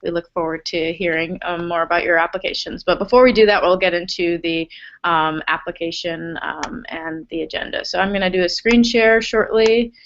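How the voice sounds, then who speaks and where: A woman's voice: on the low side, steady tone, normal speed. A woman presenting a grant application webinar, chatty and apologetic, with many fillers, over a video call. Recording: dull lo-fi online call audio.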